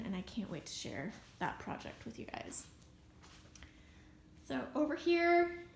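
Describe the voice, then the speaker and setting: A woman's voice: mid-range voice, echoey room, a little hiss or hum. A young woman vlogger chatting through a home tour, gushing over her decor with lots of fillers. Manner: bubbly and gushing, with frequent "so cute" and fillers. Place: at home, walking through living room.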